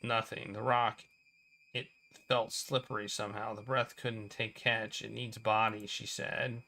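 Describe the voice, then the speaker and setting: A man's voice: fairly low pitch, flat delivery, unhurried, pushed and bright, slight background noise. A man reading a game's story text aloud as a let's play host, with dramatic voiced reactions.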